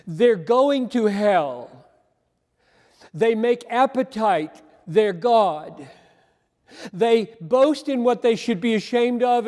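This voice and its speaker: A man's voice: high-pitched, a little mellow. A man preaching a sermon in an earnest, emphatic way, repeating phrases as he drives each point home. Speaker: pastor. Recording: long hall reverb.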